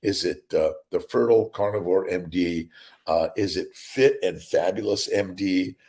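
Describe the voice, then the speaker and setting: Speaking at a normal speed, a man with a low, darkish voice runs a laid-back morning livestream. He's a middle-aged doctor who greets viewers by name, reads their comments, and rambles in good spirits.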